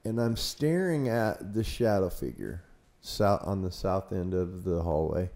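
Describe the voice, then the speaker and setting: A man's voice: deep voice, lively intonation, measured pace, a little mellow. A man who looks after a haunted building, telling a ghost story in an interview with lots of fillers and laughs at himself. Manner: rambling, hesitant with many fillers, laughs at himself.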